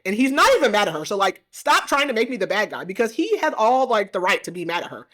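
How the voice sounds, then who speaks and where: A woman podcast host giving a casual, animated book recap, full of "like" fillers. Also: mid-range voice, quick pace, few pauses. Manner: animated retelling with frequent "like" fillers.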